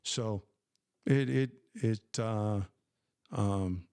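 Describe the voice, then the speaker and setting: A man's voice: lowish voice, extremely slow, a little mellow, clear, resonant tone, no echo, clean studio sound. An older man chatting casually on a live stream, rambling with many fillers and restarts.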